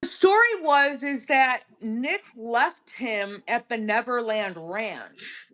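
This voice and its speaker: A woman's voice: on the high side, lively intonation, slow, sharp tone. A woman hosting a livestream, talking bluntly in casual chat and filling with "like". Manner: blunt, uses "like" a lot. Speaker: livestream host.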